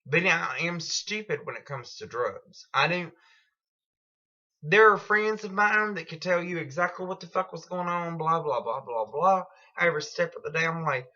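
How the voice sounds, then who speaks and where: Woman ranting at home, bright voice, swears a lot, kinda muffled lo-fi sound. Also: lowish voice, normal speed. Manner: profane, blunt, rambling storytelling. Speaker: vlogger. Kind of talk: casual storytelling vlog.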